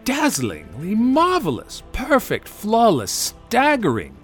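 A man reading aloud, voicing a small, clever male hobbit who flatters and speaks in riddles. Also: on the high side, moderate pace, soft background music, voice pushed up. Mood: flattering.

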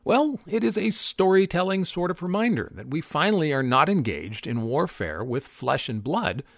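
Expressive male reader with a lively voice. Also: fairly high pitch, moderate pace, creaky, dry recording. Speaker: Christian apologetics teacher. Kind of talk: lecture with read-aloud quotations.

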